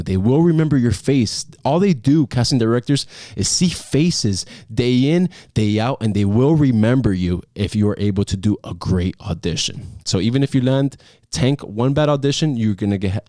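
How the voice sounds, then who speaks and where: A man's voice: on the low side, dry recording, studio quality. A young man talking casually to camera, giving acting advice with energy and emphatic repetition. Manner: energetic, emphatic, repeats key phrases. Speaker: acting coach vlogger.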